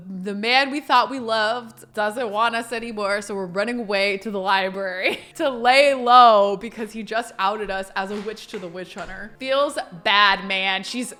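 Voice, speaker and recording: A woman's voice: mid-range voice, moderate pace, pushed and bright. A woman giving gossipy, dramatic let's-play commentary on a life-sim game as the channel host. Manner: gossipy, dramatic, laughs often. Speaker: gaming YouTuber.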